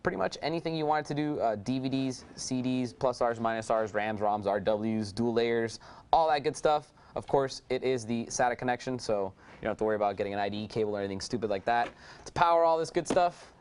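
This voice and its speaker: A man giving an unscripted product demonstration, talking up each computer component with eager sales patter and frequent fillers. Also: medium pitch. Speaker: product presenter.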